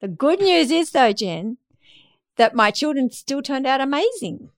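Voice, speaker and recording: A woman's voice: high voice, big pitch swings, unhurried, dry recording. A middle-aged woman co-hosting a parenting podcast, speaking candidly and with good humour. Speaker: podcast co-host. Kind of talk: casual parenting chat.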